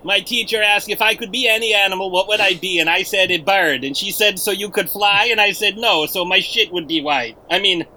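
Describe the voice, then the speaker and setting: A man playing a gloomy, crude, despairing George in an improvised comedy parody, halting and full of uh's. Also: sits high, bright, forceful tone, slight background noise, low-quality recording. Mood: deadpan. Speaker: player.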